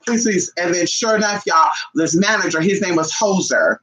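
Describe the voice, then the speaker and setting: A woman vlogger telling a story to her viewers in a casual, animated and profane way, calling them "y'all". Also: lowish voice, moderate pace, low-quality recording.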